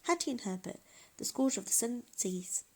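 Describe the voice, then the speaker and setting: A woman's voice: on the high side, a little fast, husky, voice pushed up. A woman voicing an eager older lady who longs to be a pirate, exclaiming in a raised voice. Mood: excited. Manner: excited, exclaiming. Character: bold eager older woman dreaming of piracy.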